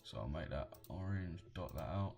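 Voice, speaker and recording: A young British man hosting a live trading stream talks in a deep, gravelly, slightly mellow voice that's expressive and moderately paced. He reads out viewer comments in a relaxed, slangy manner.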